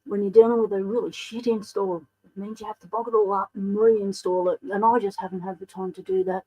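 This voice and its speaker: A woman's voice: medium pitch, steady tone, a little fast, few pauses, dark tone, breathy edge, low-quality recording. A woman with an Australian accent hosting a casual livestream, chatting and greeting viewers by name. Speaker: livestream host.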